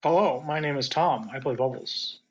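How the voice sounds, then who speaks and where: A man's voice: a little high, normal speed. Man with a dull, muffled sound. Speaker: player. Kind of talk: casual game narration. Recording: slightly dull audio.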